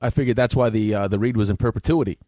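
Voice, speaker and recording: A man's voice: on the low side, rapid-fire, mellow, no room sound. A man co-hosting a radio show, throwing playful, teasing replies into the banter. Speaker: radio co-host. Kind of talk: casual morning radio banter. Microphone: studio microphone.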